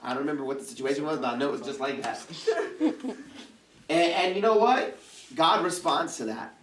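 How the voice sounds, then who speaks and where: A lively man gives a casual youth sermon. He jokes and acts out prayers in funny voices, and his voice sits a little high. He sounds far from the mic, in an echoey church hall with faint room noise behind him. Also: a little fast. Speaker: youth pastor.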